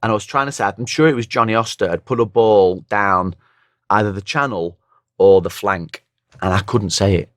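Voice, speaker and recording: A man's voice: fairly low pitch, moderate pace, a bit bright, no room sound, clean studio sound. A hungover man, a former football commentator, telling rambling anecdotes in a casual podcast chat, with a somewhat nasal voice. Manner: rambling anecdotes, acts out other people's lines.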